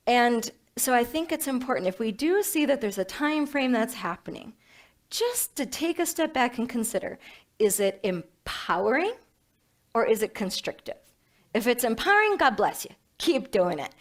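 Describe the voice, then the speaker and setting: A woman minister giving a sermon in a playful, animated way, with self-mocking humor. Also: a little high.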